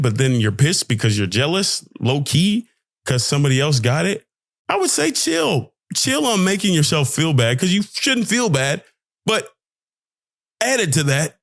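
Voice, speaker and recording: Close to the mic with no room sound, a young man who plays pro basketball hosts a podcast. In a high-pitched voice that rises and falls, he preaches an emphatic, slang-heavy motivational monologue.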